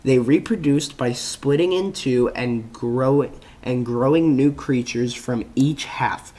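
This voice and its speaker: A man reads a reference page aloud at a slow, unhurried pace, often tripping over words and starting them again. He drops short, offhand comments between passages. His voice sits at an ordinary middle pitch. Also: dark tone, a little hiss or hum. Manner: halting reading with frequent restarts and self-corrections. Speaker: channel host.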